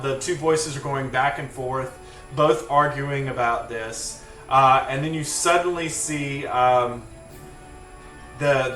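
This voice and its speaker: A man narrating a tabletop fantasy game as game master, in a casual, halting way. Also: mid-range voice, bright, forceful tone. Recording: echoey room, distant mic, faint music.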